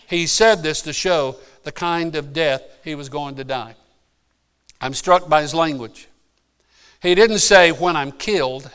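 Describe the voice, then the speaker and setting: A male pastor delivering a sermon, moving from calm teaching to fervent, emphatic preaching, often repeating and restarting words. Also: on the high side, moderate pace, clean tone.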